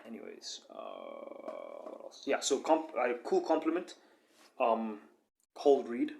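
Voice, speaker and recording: A man's voice: mid-range voice, huge pitch swings, slow, gravelly, darkish tone, reverberant, a little hiss or hum. A young man in a casual vlog monologue, talking in a boastful, rambling way with many fillers.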